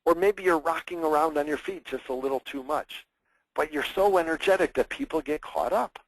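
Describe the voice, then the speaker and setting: A man teaching public speaking in a webinar, energetic and expressive, acting out examples in mock voices. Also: fairly high pitch, fairly quick, no room sound, low-quality recording. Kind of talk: webinar presentation.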